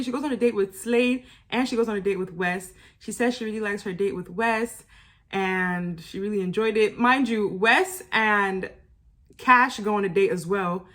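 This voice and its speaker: A woman's voice: medium pitch, fairly bright tone. A young woman hosting her own review channel, chatting casually and with strong opinions, laughing often and dropping her voice to quote people. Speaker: host of a reality-show review channel. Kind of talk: casual chat.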